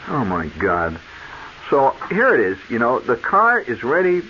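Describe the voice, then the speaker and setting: A man hosting a radio show, telling a story in a chatty, animated monologue that speaks straight to the listener. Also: medium pitch, a little slow. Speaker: radio host. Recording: muffled old radio broadcast with hiss.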